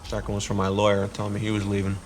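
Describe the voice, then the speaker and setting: An actor playing a glum man who speaks deadpan. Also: fairly low pitch, very fast, heavy background noise, natural voice.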